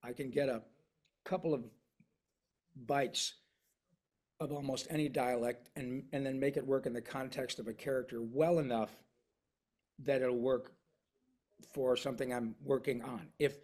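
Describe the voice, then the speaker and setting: A man talking as a voice actor in a casual interview, animated and slipping into voices to show his points. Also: medium pitch, moderate pace, long pauses. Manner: animated, slips into voices and dialects to demonstrate.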